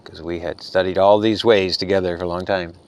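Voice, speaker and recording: A spiritual vlogger with a low, steady, smooth voice talks fairly quickly in a casual monologue. He's earnest, soft-spoken, and rambling, and sounds a little tired.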